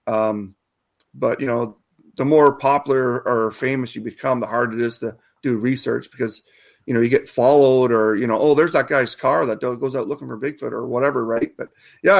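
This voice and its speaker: In a casual interview, a guest researcher from Canada talks at medium pitch, wandering through his points and often restarting or filling pauses.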